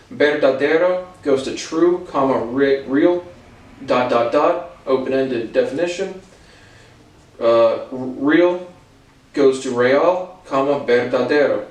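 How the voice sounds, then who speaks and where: A man's voice: mid-range voice, distant mic. Man explaining words in an echoey room. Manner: thinking aloud, reading dictionary entries with restarts. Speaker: language lesson host. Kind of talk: casual explanatory lesson.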